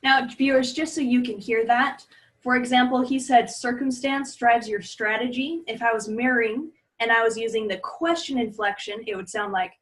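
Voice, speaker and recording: A woman with a slightly high voice hosting an interview. She turns to the audience to spell out ideas in plain terms. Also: steady tone, moderate pace, fairly bright tone. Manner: addresses viewers directly, explains clearly. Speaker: interview host, body language trainer.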